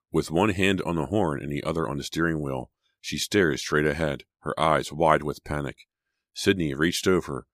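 Man, extremely deep voice, steady narration, dry close sound. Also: no echo. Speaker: audiobook narrator. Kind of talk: scripted narration.

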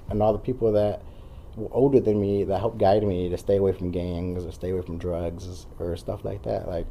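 Man in his 30s, radio show guest, rambling earnest speaker, very dark mellow tone, faint hiss. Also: lowish voice. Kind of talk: casual conversation.

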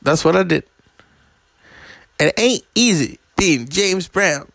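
A man's voice: sits high, animated, takes it slowly, vocal fry, a bit bright, no echo, voice pushed up, heavily acted. A man doing a whiny aging soul singer. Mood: pleading.

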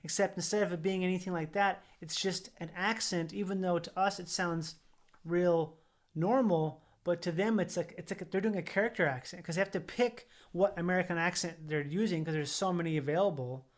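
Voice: mid-range voice, brisk. A podcast co-host chatting casually, rambling through lots of fillers and swearing now and then. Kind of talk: casual chat.

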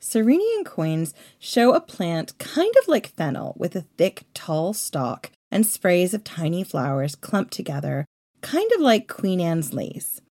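A woman's voice: on the low side, very animated, unhurried, darkish tone. A woman co-hosting a podcast, telling history in a conversational way with jokey asides. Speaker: podcast co-host. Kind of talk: casual history storytelling.

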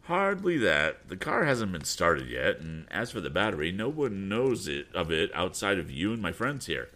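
A man's voice: sits low, very animated, normal speed, bright, forceful tone, exaggerated voice. A man voicing a stern young male inventor in a storybook reading. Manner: stern, commanding.

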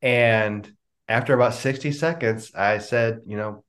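A middle-aged man, a business coach, answering interview questions with lively storytelling and acted-out dialogue over a video call. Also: medium pitch, measured pace. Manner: animated storyteller, acts out quoted dialogue. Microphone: remote video call.

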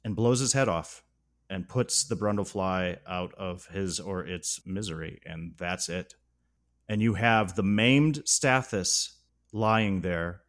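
A man hosting a podcast, retelling a film's plot with enthusiasm and dropping low and solemn for the sad parts. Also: slow. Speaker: podcast host.

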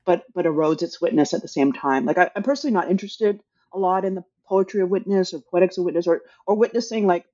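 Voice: medium pitch, fast talker, mellow. Hesitant author thinking aloud, lo-fi. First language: English. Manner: hesitant, many restarts and fillers. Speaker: author discussing their book. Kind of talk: casual conversation, thinking aloud.

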